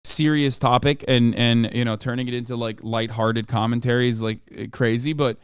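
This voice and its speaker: A man hosting a livestream, reading a news article aloud quickly and breaking off into rambling, profane asides. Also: mid-range voice, level tone, clean tone, dry recording, clean studio sound. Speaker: streamer host.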